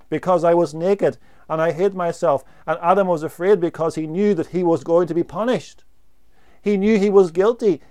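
A man preaching a sermon, slow and deliberate, pausing to stress single words. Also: high voice, dark tone, clear, resonant tone.

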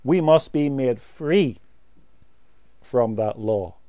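Guy preaching real slow, mellow smooth voice, leans on words by repeating them. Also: medium pitch, lively intonation, no room sound, studio quality. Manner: slow, measured doctrinal teaching with emphatic repetition. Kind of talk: sermon.

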